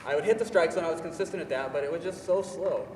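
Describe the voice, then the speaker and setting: A young man telling a personal story in an animated, self-mocking, emphatic way. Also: a little high, fast, background noise. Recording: echoey hall, voice from far off, faint ambience.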